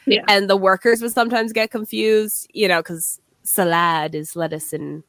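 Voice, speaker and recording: A woman's voice: medium pitch, fairly even intonation, moderate pace, fairly bright tone, dry recording. Chatty swearing woman, dry close sound. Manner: chatty, swears, laughs often. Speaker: podcast co-host. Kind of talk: casual chat.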